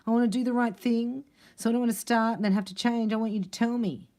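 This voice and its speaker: A woman's voice: fairly high pitch, fairly even intonation, fast talker, mellow, pitched above the performer's own voice, close to an everyday voice. A woman voicing an earnest, devoted man who asks eagerly how to please his partner. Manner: earnest, pleading questions.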